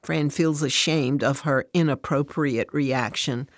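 A woman narrating a devotional story in a plain, steady way. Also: rumbling low, unhurried, no room sound, studio quality.

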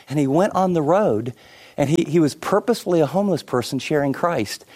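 A middle-aged man preaching a sermon, telling stories with many asides and shifting between lively and hushed delivery. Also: a little high, a little fast. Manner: animated storytelling with many asides. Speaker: pastor.

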